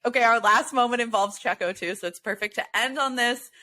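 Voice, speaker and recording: A woman co-hosting a casual sports podcast, animated and often breaking into laughter. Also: on the high side, brisk. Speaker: podcast co-host. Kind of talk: casual chat.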